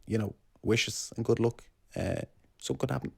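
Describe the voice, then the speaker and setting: A man's voice: on the low side, fairly quick, gravelly, husky. A young Irish man co-hosting a podcast, telling rambling, jokey stories in casual chat. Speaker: podcast co-host.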